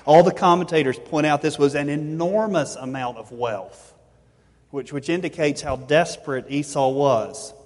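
A man's voice: a little high, normal speed, darkish tone. A pastor, preaching a sermon in an earnest, conversational way, often restarting his sentences. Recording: long reverb of a large hall.

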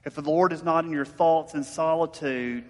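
Man preaching with a fairly high voice. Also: steady tone, moderate pace, big-room sound. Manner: conversational preaching with rhetorical questions and storytelling. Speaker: pastor. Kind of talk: sermon.

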